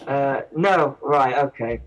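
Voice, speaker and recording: A man's voice: mid-range voice, slow pace, poor audio. A man, a guest on a casual podcast, who rambles and often breaks off mid-sentence. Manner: rambling, self-interrupting. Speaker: guest reviewer.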